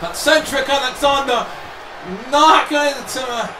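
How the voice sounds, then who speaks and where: Guy yelling over a wrestling game, really high voice, echoey room, loud crowd behind. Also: measured pace, distant mic. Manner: shouts and gasps, repeats "wait a minute" and "uh-oh". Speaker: video game commentator. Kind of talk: excited play-by-play commentary. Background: loud game crowd and noise.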